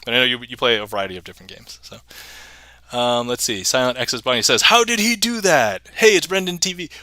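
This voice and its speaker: A man's voice: medium pitch, quick pace, bright, forceful tone, no room sound. A man hosting a casual livestream magic show, chatting, reading viewer messages aloud and chuckling often.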